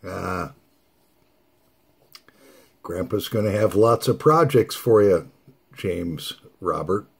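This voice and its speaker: An older man with a deep, gravelly, very raspy voice talks slowly while smoking his pipe. He muses in a casual monologue and pauses now and then between thoughts. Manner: unhurried, musing, pauses to draw on his pipe. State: hiccups from nicotine.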